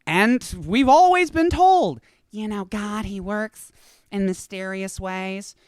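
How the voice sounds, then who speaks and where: A show host delivering a rambling, profane, animated stoned comedy rant. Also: mid-range voice, takes it slowly, clean tone, no echo, clean studio sound. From California.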